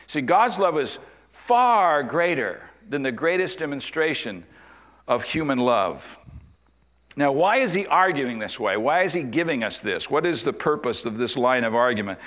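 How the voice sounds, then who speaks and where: A man preaching an expository sermon, slowing down and dropping his voice low to stress key points. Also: sing-song, fairly bright tone. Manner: expository preaching, slows and drops low for emphasis. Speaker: pastor.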